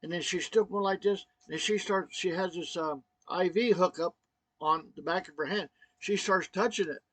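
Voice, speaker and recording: Brief: choked-up man vlogging a personal story, halting with many restarts, slightly high, dry. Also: a bit bright, no room sound.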